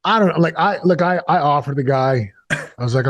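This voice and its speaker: A man's voice: mid-range voice, a little fast, no room sound. A middle-aged man, a guest in an interview, telling a painful personal story in an earnest, confessional way, with bursts and repeated words.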